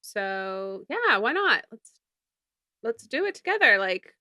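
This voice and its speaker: A woman's voice: on the high side, very animated, takes it slowly, sharp tone, dry recording, studio quality. A woman in her thirties from Canada, a film producer and director chatting as a guest and filling her talk with "like" and "um". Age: 30s. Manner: chatty, many fillers like "like" and "um". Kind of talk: casual interview chat.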